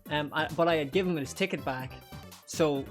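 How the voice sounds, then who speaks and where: Young guy streaming a game, kinda high voice, crude jokes, faint music behind. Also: fairly quick. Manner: crude, joking, laughs often. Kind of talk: live gameplay commentary.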